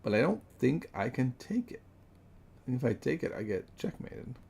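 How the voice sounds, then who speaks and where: A man's voice: medium pitch, big pitch swings, moderate pace, gravelly, darkish tone, slight background noise. A man thinking aloud as he solves chess puzzles, musing and correcting himself, then chatting with viewers. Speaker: chess streamer.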